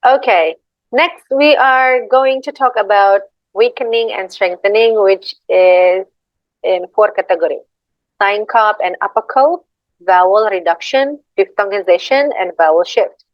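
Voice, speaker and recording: A woman's voice: medium pitch, measured pace, dry recording. A young woman with an Indonesian accent giving a class presentation, hesitant and apologetic, reading slides and repeating example words. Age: young adult. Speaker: student presenter. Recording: dull lo-fi dry recording.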